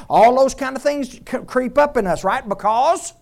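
A man's voice: very high-pitched, normal speed, vocal fry, hardly any pauses. Man preaching to his congregation. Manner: conversational preaching, asks the congregation questions; drops to a soft hush on tender points. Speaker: pastor. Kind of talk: sermon.

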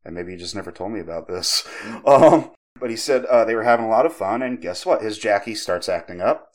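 Low-voiced man telling a creepy story. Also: a little fast. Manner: conversational, profane, animated when quoting others. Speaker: podcast host. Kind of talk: casual storytelling.

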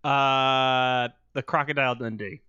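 A young man co-hosting a casual podcast, with dry, deadpan humor. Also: medium pitch, unhurried, clear, resonant tone, dry recording, muffled recording. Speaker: podcast co-host. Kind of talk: casual chat.

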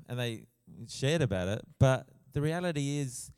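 A man preaching a sermon in a church, earnest, with soft passages and loud emphatic bursts. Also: medium pitch, expressive, moderate pace, smooth. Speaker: pastor. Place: church hall. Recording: long church reverb.

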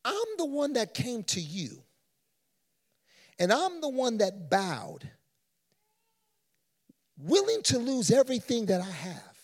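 A man preaching, voicing Jairus as an anxious, desperate father who pleads quietly and indignantly, recorded in a church with long reverb. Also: sits high, slightly rough, exaggerated voice.

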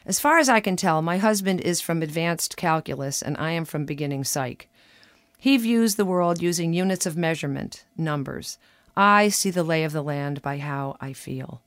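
A woman in her fifties reading her own humorous personal essay aloud on the radio, telling it with a wry, animated lilt. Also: deep voice, moderate pace, no echo. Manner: wry, animated storytelling with lively voiced quotes.

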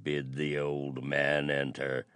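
A man's voice: rumbling low, completely flat delivery, slow pace, a bit bright, clear, resonant tone, dry recording, exaggerated voice. A man voicing a stern young prince who speaks in a cold, menacing way.

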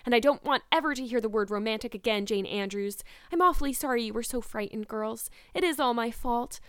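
A woman voicing an imaginative teenage girl, earnest and emphatic, sometimes quick and cold. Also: on the high side, clean tone, dry recording, clean studio sound, lightly acted. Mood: spirited.

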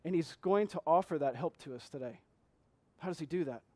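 A man preaching as pastor, reading scripture slowly and asking the congregation earnest questions. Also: a little high, a little mellow, dry recording. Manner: reads scripture slowly, repeating key phrases. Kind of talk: sermon.

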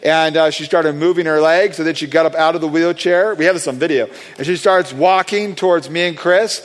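A man excitedly telling a testimony story about praying for people, rambling with many fillers and restarts. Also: on the high side, a little fast. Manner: animated, acts out quoted voices. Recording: long hall reverb.

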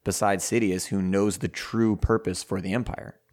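A man in a casual chat, animated and jokey, swearing casually. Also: lowish voice, normal speed.

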